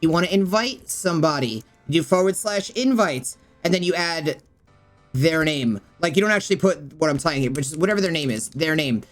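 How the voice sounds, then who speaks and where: Woman gamer, lowish voice, rambling tutorial delivery with faint music under it. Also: expressive, a little fast. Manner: rambling, thinks aloud with fillers. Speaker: gaming streamer and YouTuber. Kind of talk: casual game tutorial.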